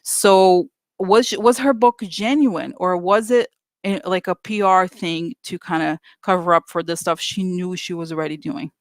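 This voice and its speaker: A chatty vlogger rants at viewers with open exasperation, stumbling through fillers and restarts. The voice sits in a middle pitch. It is recorded close and dry, with no room sound. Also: steady tone, normal speed, dry recording. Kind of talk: casual opinion rant to viewers.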